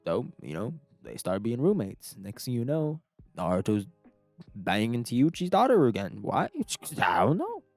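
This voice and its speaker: A man's voice: mid-range voice, huge pitch swings, a little slow, darkish tone, dry recording. A young man casually narrating a comic fan story, rambling and profane, with lots of fillers. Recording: dry close mic with faint music.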